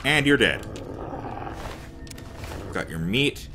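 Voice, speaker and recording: A man giving casual commentary while playing a game, talking to himself and to the characters, sometimes slipping into a mock accent or a hushed murmur. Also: mid-range voice, sing-song, moderate pace, background noise. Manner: talks to himself and the game characters, rambling and reactive; slips into a mock accent, drops to a hushed murmur when sneaking. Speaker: let's play gamer.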